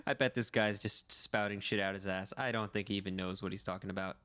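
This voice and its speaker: A man's voice: on the low side, expressive, moderate pace, bright, forceful tone. Casual joking male game streamer. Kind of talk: game let's play commentary.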